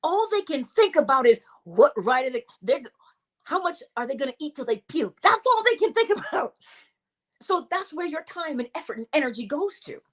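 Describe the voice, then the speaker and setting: A woman hosting a spiritual teaching session and answering audience questions. She speaks in an animated way, acts out quoted voices and laughs often. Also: sits high. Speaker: host and teacher.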